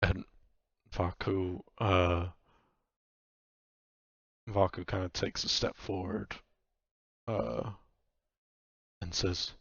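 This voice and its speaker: A man's voice: deep voice, steady tone, very slow, creaky, pauses often, breathy edge, no room sound. A man narrating a tabletop game as game master, hesitant and full of fillers, on a dull, dry, lo-fi recording.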